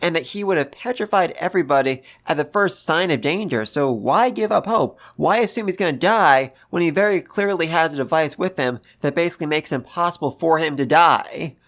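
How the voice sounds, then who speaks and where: A host giving a casual, gushing review of a manga chapter, talking excitedly and repeating phrases for emphasis. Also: mid-range voice, brisk, hardly any pauses. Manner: gushing, excitable, gasps and laughs. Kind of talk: casual commentary.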